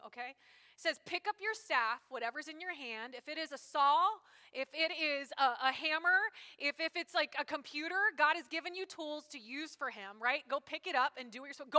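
Woman pastor, high bright voice, lively joking sermon, long hall reverb. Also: normal speed. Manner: lively, joking, conversational preaching.

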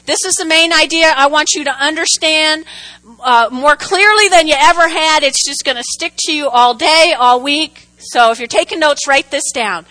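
A woman preaching a sermon, animated and repetitive, often checking in with her listeners. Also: high-pitched, moderate pace, rough recording. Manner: animated, repeats for emphasis, checks in with "okay?".

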